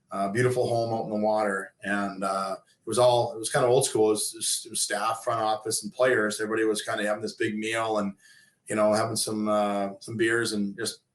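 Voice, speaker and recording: Middle-aged man, lowish voice, rambling storyteller, echoey room. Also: fairly bright tone. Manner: rambling, many fillers and restarts. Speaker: guest, former pro hockey player and coach. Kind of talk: casual storytelling in a podcast interview.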